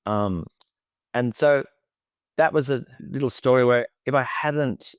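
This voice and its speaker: A man's voice: medium pitch, unhurried, clean tone, no room sound, studio quality. A man, co-hosting a podcast as a therapist and telling a personal story in an emotive, chatty way. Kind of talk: casual conversation.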